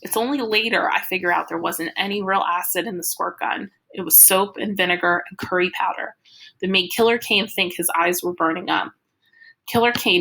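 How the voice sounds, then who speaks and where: Bright-voiced woman narrating an audiobook. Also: fairly low pitch, rough recording. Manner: vivid, dramatic storytelling. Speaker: audiobook reader. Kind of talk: first-person audiobook narration.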